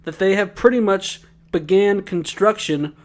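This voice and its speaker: A man's voice: sits high, a little slow. A man co-hosting a podcast, joking and teasing his co-host in casual chat.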